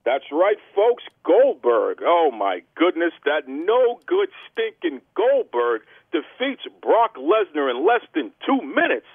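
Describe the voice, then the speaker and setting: A man's voice: fairly high pitch, sing-song, takes it slowly, few pauses, breathy edge, no room sound, phone-quality sound. Brash man hosting a phone-thin podcast. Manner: boastful, theatrical heel persona. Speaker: podcast host. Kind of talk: brash wrestling podcast talk.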